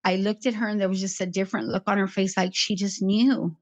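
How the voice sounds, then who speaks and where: A woman's voice: medium pitch, steady tone, a little fast, a little mellow. Woman in her fifties, lo-fi recording. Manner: rambling, jumps between memories. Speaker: interview guest. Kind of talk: emotional personal recollection.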